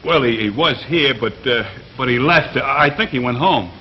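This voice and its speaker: A man's voice: mid-range voice, normal speed, slightly rough, natural voice. An actor playing an easily led American workman who talks hesitantly and stammers. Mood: uneasy. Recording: muffled 1950s television recording.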